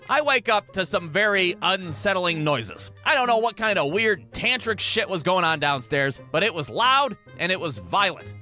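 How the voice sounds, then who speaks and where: A man telling a comic story in a profane, animated, exaggerated way. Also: high voice. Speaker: comedian storyteller. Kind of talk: comedic storytelling.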